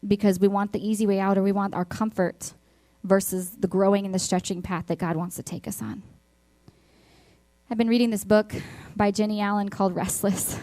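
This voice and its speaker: A woman with a Texas accent preaches to an online congregation. She tells personal stories earnestly and leans on repetition for emphasis. Her voice sits at a middle pitch and sounds dry and close. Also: steady tone, normal speed, warm tone, no room sound. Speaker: church speaker.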